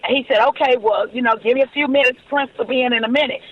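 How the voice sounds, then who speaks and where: On a dull, lo-fi recording, a fast-talking woman with a high-pitched voice tells stories as a guest in a podcast interview. She's in her forties and animated, performing the dialogue she quotes.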